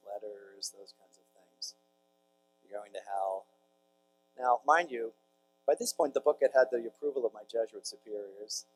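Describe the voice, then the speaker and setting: A priest gives a conference talk to a large audience, telling stories conversationally and tossing jokey asides to the crowd. His voice is medium-pitched and gravelly. The recording is low quality, with slight background noise.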